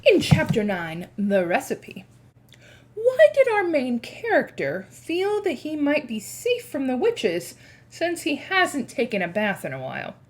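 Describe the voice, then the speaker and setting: A woman reads a chapter book aloud to children and then quizzes them about it. Her voice sits high and moves expressively, with lots of rise and fall. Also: wildly swooping pitch, unhurried. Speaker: read-aloud presenter.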